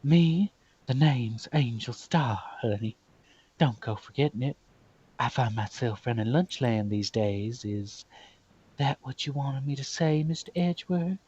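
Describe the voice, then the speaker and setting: A man voicing a sassy Southern woman, a former detective turned lunch vendor, with a put-on Southern drawl and a husky sound. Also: medium pitch, expressive, measured pace, darkish tone. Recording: dull lo-fi recording.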